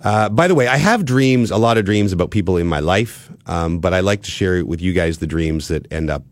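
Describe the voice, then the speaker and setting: Brief: low-pitched, middle-aged host, easygoing storyteller. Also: male voice, fairly quick, no room sound. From Canada. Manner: relaxed, rambling storyteller who reads ads conversationally. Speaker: podcast host. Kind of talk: casual chat.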